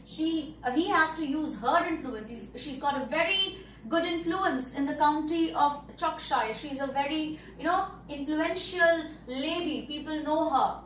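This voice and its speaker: A woman's voice: high voice, fairly bright tone, recorded from a distance, slight background noise. A woman teacher explaining a story to pupils, repeating and rephrasing words as she goes. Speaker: English teacher. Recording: echoey room, voice a bit off-mic.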